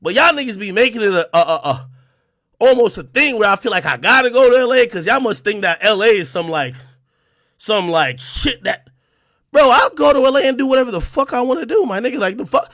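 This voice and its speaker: A man hosting a livestream, trash-talking aggressively with heavy profanity, swinging between shouting and low muttering. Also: lively intonation, a little fast, no echo, studio quality. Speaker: livestream host. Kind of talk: ranting livestream talk.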